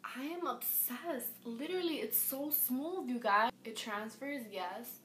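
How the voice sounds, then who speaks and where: Female beauty vlogger, gushing and repetitive, slow deliberate pace, roomy echo with faint noise. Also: a little high. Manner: gushing, excitable, repeats herself. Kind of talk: casual makeup review. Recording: echoey room with faint background noise.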